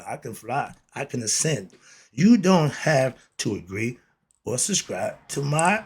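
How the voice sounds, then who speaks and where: A man's voice: mid-range voice, husky. A man talking straight to his listeners as a self-styled teacher, preachy and blunt, with street slang and lots of rhetorical questions. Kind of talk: monologue to camera.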